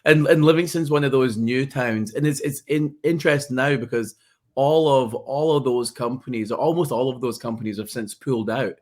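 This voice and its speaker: A Scottish man hosts a podcast in a relaxed, conversational way. He sounds friendly and chatty, often restarting his sentences. His voice sits at an ordinary middle pitch. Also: moderate pace. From Scotland. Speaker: podcast host. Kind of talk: casual interview chat.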